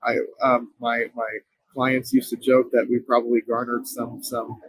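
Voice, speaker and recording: A man with a husky, slightly breathy voice recounts a personal story as an interview guest. He talks earnestly, often stopping and restarting mid-sentence. The sound is dry and close. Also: medium pitch, monotone, no echo, poor audio. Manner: earnest, halting, frequent restarts. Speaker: company co-founder, interview guest.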